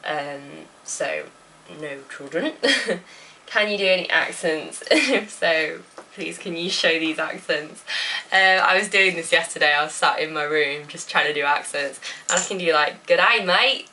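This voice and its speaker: Young woman, chatty and giggly, rambling, slightly lower bright voice, recorded a bit off-mic. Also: measured pace, far from the mic, a little hiss or hum, rough recording. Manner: giggly, rambling, lots of fillers. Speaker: vlogger answering viewer questions. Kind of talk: casual Q&A chat. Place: home bedroom.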